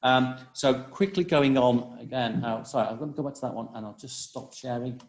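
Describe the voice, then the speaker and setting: A man presenting a webinar over a video call, talking quickly with many restarts and fillers. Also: mid-range voice, darkish tone, roomy sound. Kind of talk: live webinar talk on cybersecurity.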